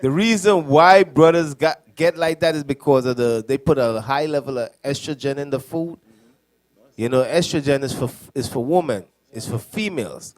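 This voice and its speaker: A man speaking as a deacon on a preaching panel, animated and storytelling, with laughs and voice impressions. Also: medium pitch, moderate pace.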